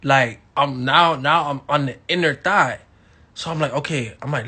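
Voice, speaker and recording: A young man from Miami telling a crude story to his live audience, animated and swinging between loud bursts and hushed asides. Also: on the high side, moderate pace, slightly rough. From Miami, Florida. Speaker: livestream host.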